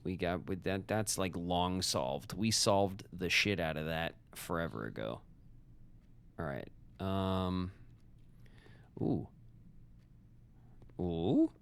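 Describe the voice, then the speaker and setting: A man with a fairly low voice chats his way through a puzzle game on a live stream. He rambles, restarts sentences and teases his viewers as he goes. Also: animated, takes it slowly, creaky, pauses often, smooth. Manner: rambling, joking with chat, trailing restarts. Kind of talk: casual live-stream commentary.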